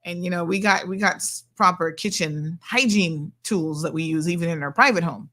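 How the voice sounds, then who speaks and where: A woman's voice: on the low side, normal speed, sharp tone. A woman hosting a radio show from the studio, chatting casually and reading out listener messages.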